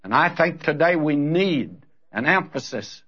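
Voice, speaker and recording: An older man preaches with earnest conviction, his voice sitting a bit high and climbing sharply when he presses a point. The recording is dull and lo-fi, like an old archival tape. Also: expressive, a little slow, breathy edge. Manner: earnest, rising to emphatic rebukes. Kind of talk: sermon.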